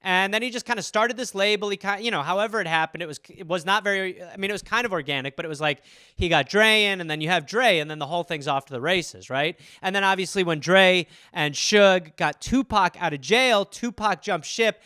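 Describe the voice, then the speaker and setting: Bright, rambling male comedy podcaster. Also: high voice, brisk, smooth, no room sound, clean studio sound. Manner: rambling, full of "like" and restarts, swearing freely. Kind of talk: casual comedic riffing.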